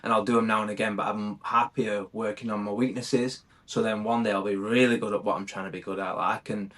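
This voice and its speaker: A man's voice: lowish voice, level tone, fast talker, fairly bright tone. A man in his thirties, a firefighter from the UK, talking candidly and reflectively as a podcast guest, calling the host mate. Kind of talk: casual conversation.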